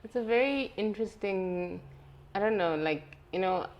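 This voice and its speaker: A young woman hosting a casual interview, relaxed and probing, who laughs easily. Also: medium pitch, moderate pace, muffled recording. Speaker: host. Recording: faint background noise.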